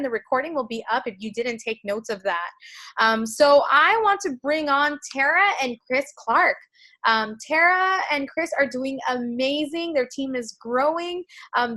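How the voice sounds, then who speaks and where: A woman's voice: sits high, sharp tone. A woman hosting a group call, bubbly and cheering on the speakers. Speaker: host.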